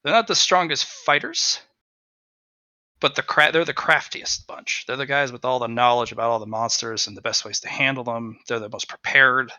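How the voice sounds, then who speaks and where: A man narrating a tabletop game as game master in a casual, animated storytelling manner. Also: medium pitch, normal speed, no room sound, poor audio.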